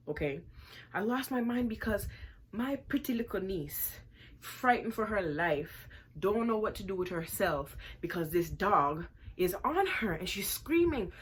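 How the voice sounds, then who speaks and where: A woman vlogger telling a personal story in an animated storytime style, emphatic and repeating lines for effect. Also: mid-range voice, breathy edge.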